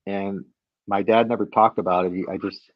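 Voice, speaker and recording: A man's voice: deep voice, fairly even intonation, moderate pace, dry recording, dull audio. A man in his fifties, a guest from the Chicago area, telling a personal story with many restarts and laughing at himself.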